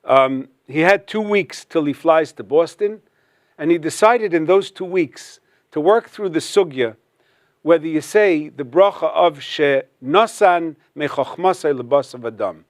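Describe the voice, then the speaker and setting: A man tells a story as part of a religious talk, working Hebrew terms into his narration. His voice sits a bit high for a man. The sound is dry and close. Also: lively intonation, a little slow, no echo. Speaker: religious speaker.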